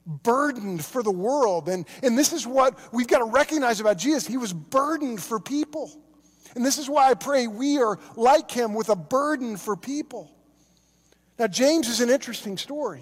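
Pastor from Oklahoma, high tenor, earnest sermon with stumbling restarts, long reverb in a church hall. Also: male voice. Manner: earnest, repeats words on restarts, acts out quoted voices.

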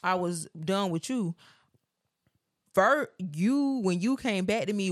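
A young woman tells her side of the story on a podcast, animated and emphatic, doubling back on her own phrases to drive them home. Her voice sits in a middle register and is recorded close and dry. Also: mid-range voice, takes it slowly, no room sound. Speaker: podcast co-host. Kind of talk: casual storytelling chat.

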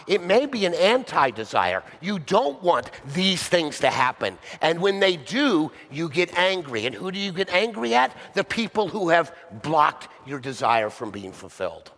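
A male pastor delivers a sermon in a plain, conversational way and keeps asking his listeners rhetorical questions. His voice sits a little high for a man. The sound carries a long reverb, as in a large church hall. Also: big pitch swings, a little slow, fairly bright tone.

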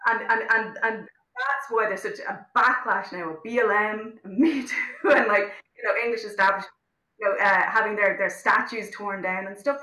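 A woman's voice: mid-range voice, normal speed, sharp tone, echoey room, rough recording. An Irish woman talking as an interview guest, outspoken and impassioned, often restarting her sentences. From Ireland. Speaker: interview guest, actor-director. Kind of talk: casual interview chat.

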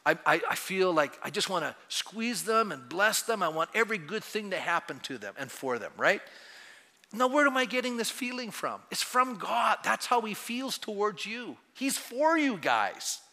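Older male pastor, high bright voice, chatty sermon that swells to fervor, long church reverb. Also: expressive, normal speed. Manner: conversational, teasing the congregation, building to fervent. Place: church sanctuary.

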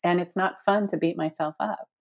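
A woman in her sixties with a fairly low, steady, gravelly voice speaks at normal speed. As an interview guest she talks earnestly and reflectively, playfully shifting her tone to act out inner voices.

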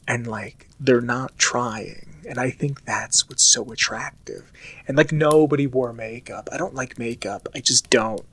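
A man's voice: mid-range voice, unhurried, a bit bright, breathy edge. A young American man in casual, rambling monologue, talking chattily with lots of filler words. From United States.

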